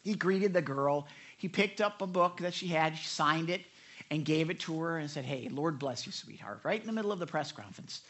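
A pastor tells a story during his sermon, talking a little fast in an animated, conversational way. He acts out quoted lines by raising his pitch and often turns aside to address his listeners.

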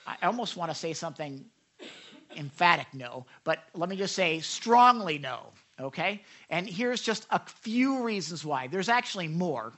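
A man's voice: sits high, expressive, moderate pace, sharp tone. A man preaching a sermon, talking conversationally, asking the congregation questions and acting out quoted voices. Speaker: pastor.

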